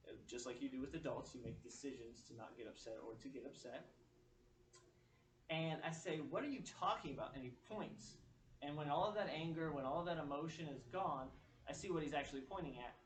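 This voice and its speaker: A man's voice: a little high, fairly quick, recorded from a distance. A man giving a motivational keynote to students, telling stories and acting out what others said. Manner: storytelling, animated quoting of others. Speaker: motivational speaker. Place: large echoey room, speaking to an audience. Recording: echoey room, picked up from afar.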